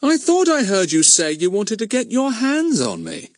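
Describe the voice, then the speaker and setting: A composed middle-aged police inspector, voiced by a man reading a storybook aloud. He speaks in a measured, politely ironic way, lifted a little above the reader's natural pitch and set with quiet authority. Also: wildly swooping pitch, no room sound, clean studio sound, exaggerated voice. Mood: dry.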